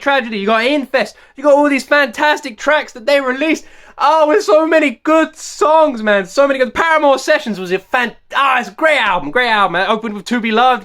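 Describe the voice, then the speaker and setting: A man hosting a music reaction video, ranting in an animated, excitable way and repeating himself for emphasis. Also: very high-pitched. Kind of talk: casual rambling rant to camera.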